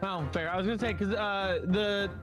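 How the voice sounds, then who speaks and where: Man, higher voice, rambling game chat, clear game music behind. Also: fairly even intonation, normal speed. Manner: rambling, many fillers and restarts. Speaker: co-player. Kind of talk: casual let's-play chat.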